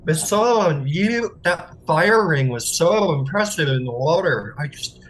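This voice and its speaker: A man's voice: fairly high pitch, lively intonation, takes it slowly, a bit bright, slight background noise, pitched above the performer's own voice, rough recording. A man putting on a gushing young priestess.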